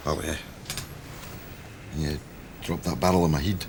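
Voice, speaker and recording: An actor playing a chatty, matey Glaswegian whisky warehouse worker with a Glaswegian accent. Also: male voice, very deep voice, steady tone, moderate pace, creaky, noisy background. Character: chatty Glasgow barrel-roller, a good-natured mate. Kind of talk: TV comedy drama acting.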